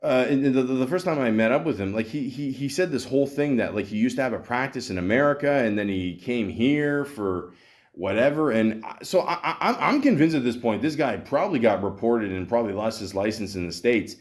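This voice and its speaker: A man's voice: medium pitch, animated, a little fast. A man telling a story on his podcast in a casual, profane rant, full of stammered restarts and acted-out dialogue. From Canada. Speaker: podcast host.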